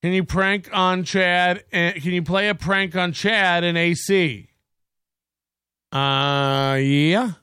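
A man with a fairly high voice hosts a casual solo livestream and rambles between sarcasm and swearing. He breaks off now and then to thank viewers for their donations. The sound is close and dry, with no room echo. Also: fairly even intonation, takes it slowly, pushed and bright, clear, resonant tone. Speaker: livestream host.

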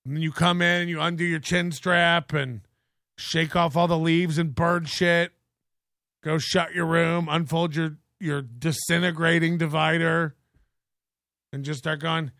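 A man's voice: on the high side, little pitch movement, measured pace, a bit bright, no room sound, studio quality. A man hosting a comedic commentary show, ranting sarcastically with profane rhetorical questions and laughter. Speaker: host. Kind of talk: casual comedic commentary rant.

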